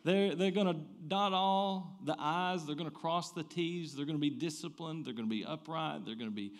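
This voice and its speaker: A man, preaching a sermon. He swings between loud emphatic bursts and quiet low asides, and often restarts his phrases. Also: normal speed. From American South. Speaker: pastor.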